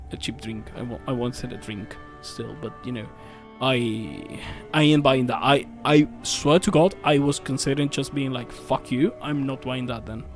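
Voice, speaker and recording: A man streaming a game, telling a story in a casual, animated rant with swearing and frequent restarts. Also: medium pitch. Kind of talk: casual chat while gaming. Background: faint game music.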